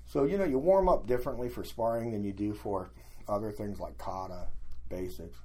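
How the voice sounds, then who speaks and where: Husky older man telling stories. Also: on the low side, normal speed. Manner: animated anecdotes, acting out quoted voices. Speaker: guest. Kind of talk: casual storytelling.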